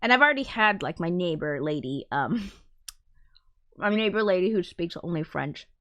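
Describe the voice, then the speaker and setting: Her voice is on the low side, animated, and a bit bright, at a moderate pace. This musician talks casually to her stream viewers, full of fillers and curse words, and reads their comments out loud as she rambles.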